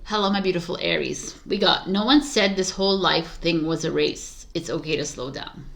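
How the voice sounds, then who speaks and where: A woman's voice: sits low, normal speed. A woman giving a casual, chatty tarot reading, addressing her viewers directly and laughing at her own slips. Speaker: tarot reader.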